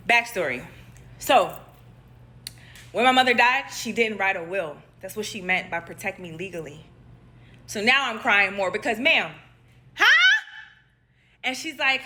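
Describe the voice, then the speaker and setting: Bright, animated woman telling a story. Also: mid-range voice, normal speed, long pauses. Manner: animated, acts out quotes, laughs while telling. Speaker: nurse sharing a personal story. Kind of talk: casual storytelling to followers.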